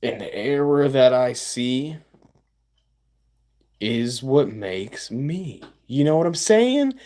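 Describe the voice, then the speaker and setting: A male streamer talking to his chat in an unhurried drawl. He hypes himself up and repeats lines for effect. His volume jumps from loud bursts down to low mutters. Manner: boastful, self-hyping. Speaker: live streamer. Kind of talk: casual livestream chat with viewers.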